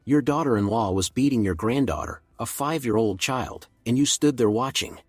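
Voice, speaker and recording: A man's voice: mid-range voice, moderate pace, slightly rough, no room sound, faint music behind, lightly acted. A man voicing a cold, fearless young man who threatens evenly.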